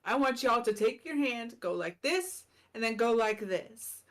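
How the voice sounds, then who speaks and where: A woman putting on a slow, coaxing, exaggerated kindergarten-teacher voice, as if talking down to small children. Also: fairly high pitch, expressive.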